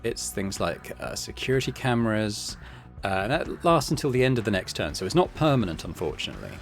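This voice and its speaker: A man's voice: on the low side, very animated, fast, soft background music. A man hosting a casual let's-play, chattily explaining game systems with many fillers. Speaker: gaming channel host.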